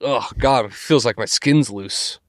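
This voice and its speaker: A man's voice: medium pitch, measured pace, no echo, clean studio sound, lightly acted. A man playing an anxious, obsessive male dog sitter in an improvised sketch, breaking into sweary outbursts. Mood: panicky.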